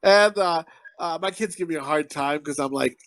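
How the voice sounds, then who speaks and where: A man's voice: a little high, moderate pace, a bit bright, dry recording. A man from Connecticut hosting a podcast in casual, profane, rambling banter. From Connecticut, USA. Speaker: podcast host.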